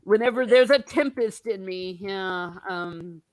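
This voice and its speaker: A woman hosting a casual book discussion, chatty and animated, laughing often and swearing casually. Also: mid-range voice, unhurried, dry recording. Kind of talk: casual chat.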